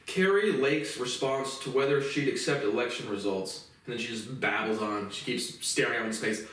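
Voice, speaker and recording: A man's voice: medium pitch, moderate pace, fairly bright tone. A man giving a profane, rambling and indignant solo commentary. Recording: very echoey room, mic far off.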